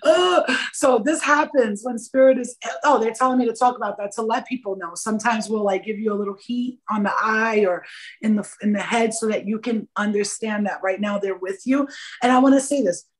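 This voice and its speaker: A woman in her thirties, a podcast guest and energy coach, talking about spirituality in an animated, preachy and profane way. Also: on the high side, brisk. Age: 30s. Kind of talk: casual spiritual podcast talk.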